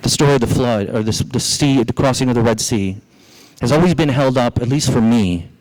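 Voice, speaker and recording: A man pastor preaching a sermon in a church, asking rhetorical questions, with his voice leaping up in pitch as he drives his points home. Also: a little fast, a little mellow, low-quality recording.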